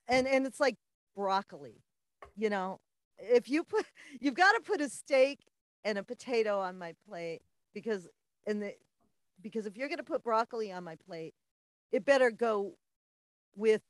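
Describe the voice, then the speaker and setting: A woman's voice: mid-range voice, lively intonation, normal speed, pauses often, no echo. Giggly woman guest, dry close sound. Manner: chatty, giggly, emphatic. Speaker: podcast guest. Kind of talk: casual chat.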